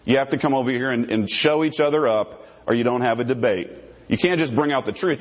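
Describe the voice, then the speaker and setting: A man's voice: medium pitch, a little fast. A man giving a combative theological debate presentation, reading verses aloud and picking apart their grammar. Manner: combative, quotes and parses scripture.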